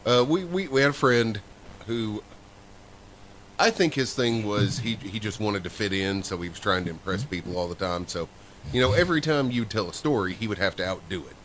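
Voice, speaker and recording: A podcast co-host with a lowish, fairly bright voice tells a story casually at normal speed, his intonation lively. He rambles, using fillers and starting over, with slight background noise in the recording.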